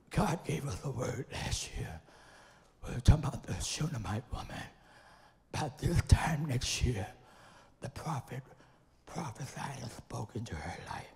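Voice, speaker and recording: A man's voice: mid-range voice, gravelly, darkish tone. A man preaching as a bishop, exhorting the congregation with call-and-response, a little out of breath. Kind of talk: lively sermon. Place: church sanctuary. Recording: long church reverb.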